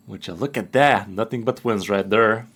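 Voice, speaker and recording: A man streaming a card game, giving excitable, trash-talking and profane casual gameplay commentary. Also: lowish voice, moderate pace.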